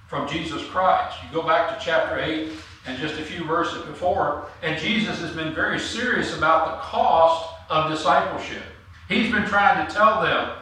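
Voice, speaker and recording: A man's voice: on the high side, pushed and bright. A man preaching a sermon as pastor, earnest and rising to emphatic on key points. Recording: roomy echo, mic at a distance.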